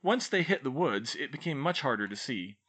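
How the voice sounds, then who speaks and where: A man reading fan fiction aloud as an expressive audiobook narrator. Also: mid-range voice, brisk, slightly rough. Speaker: audiobook reader.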